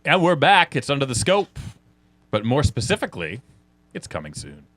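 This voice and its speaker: Lively joking male podcast host. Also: medium pitch, normal speed, faint music behind. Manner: joking, animated, laughs often. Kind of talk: casual chat.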